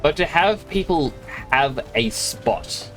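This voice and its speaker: A man's voice: a little high, animated, slow pace, fairly bright tone, faint music behind. Rambling, self-amused male streamer. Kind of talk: casual chat while gaming.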